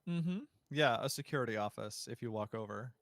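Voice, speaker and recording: A man's voice: mid-range voice, expressive, fairly quick, a bit bright, no room sound, clean studio sound. A man narrating as game master in a casual, loose way with many fillers.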